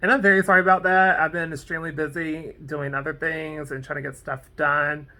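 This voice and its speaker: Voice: medium pitch, flat delivery, a little fast, pushed and bright. A vlogger casually recapping a TV episode, rambling off on tangents with lots of "like" and "um". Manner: fillers like "like" and "um". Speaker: TV episode reviewer.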